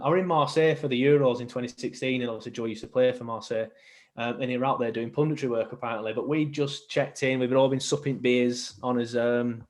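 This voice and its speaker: A young man, chatting casually as a podcast guest, rambling with many ums and restarts. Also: mid-range voice. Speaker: podcast guest, football fan. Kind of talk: casual chat.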